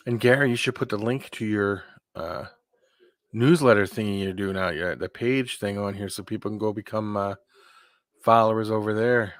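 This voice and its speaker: A man's voice: lowish voice, moderate pace, fairly bright tone, dry recording, studio quality. A man hosting a casual live-stream chat, rambling and talking to his viewers. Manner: rambling, keeps clearing his throat. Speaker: host of a live hangout stream.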